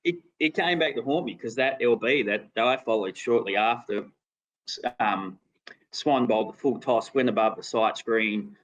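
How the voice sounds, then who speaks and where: A man's voice: mid-range voice, normal speed, fairly bright tone, dull audio. A middle-aged Australian man, a former cricketer and podcast guest, telling a story casually with restarts and laughter. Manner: rambling with restarts, laughing at his own story.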